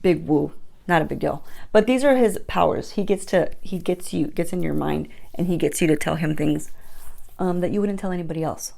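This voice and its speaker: A woman's voice: on the low side, brisk, creaky, dark tone. A woman beauty vlogger telling a rambling, chatty storytime with playful asides, recorded on her phone at home at night. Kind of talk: casual storytime chat.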